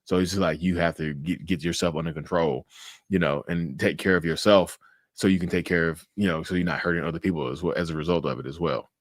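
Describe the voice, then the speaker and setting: His pace is quick and the recording carries no echo. As host of a relaxed interview, he speaks freely, curses, and dramatizes his responses with dramatic pitch swings and laughs.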